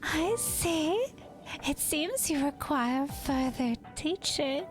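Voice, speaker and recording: A woman voicing a prim, haughty young lady with a slow, posh, icy way of speaking. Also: high voice, lively intonation, over music, pitched above the performer's own voice. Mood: cold suspicion.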